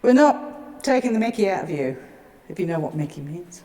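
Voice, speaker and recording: A woman's voice: lowish voice, animated, a little fast, dark tone. A woman chatting casually and cheerfully as a paranormal investigator. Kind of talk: casual chat.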